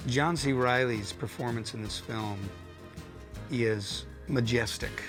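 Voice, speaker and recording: A man giving earnest, rambling praise in a deadpan mock interview. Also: medium pitch, takes it slowly. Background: guitar music.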